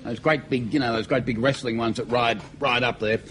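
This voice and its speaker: A man's voice: medium pitch, steady tone, fairly quick, fairly bright tone, a little hiss or hum, rough recording. A man with an Australian accent, a comedian telling jokes on a TV variety show and laughing at his own punchlines. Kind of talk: stand-up joke telling.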